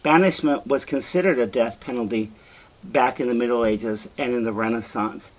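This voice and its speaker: A man's voice: medium pitch, moderate pace, low-quality recording. An older man walks a class through a play in a lesson, speaking earnestly and plainly. His voice sits in a middle register. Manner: earnest explaining, quotes with feeling. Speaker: teacher. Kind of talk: literature lesson.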